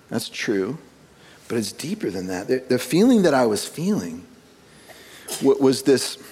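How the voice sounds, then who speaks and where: A pastor in his forties, his medium-pitched voice a little mellow and slightly rough, gives a conversational sermon in a church sanctuary. Telling stories to the congregation, he laughs at his own expense and often repeats words as a phrase gets going.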